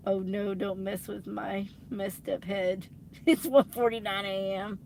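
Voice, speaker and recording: A woman's voice: medium pitch, fairly even intonation, slow, gravelly, darkish tone, slight background noise. A woman chatting and laughing with viewers on a late-night livestream from inside her truck. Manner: chatty, laughs often, reads and answers viewer comments. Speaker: livestream host.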